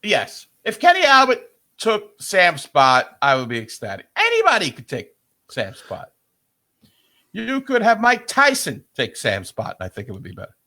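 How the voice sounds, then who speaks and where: Older New York man, podcast co-host; grumpy ranter with a very lively pitch. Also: moderate pace. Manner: grumpy ranting. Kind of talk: casual sports chat.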